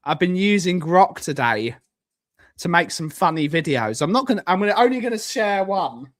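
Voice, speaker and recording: On his live stream, a UK man talks casually and wanders from idea to idea, joking and repeating his lines. His slightly high voice has big pitch swings and a moderate pace.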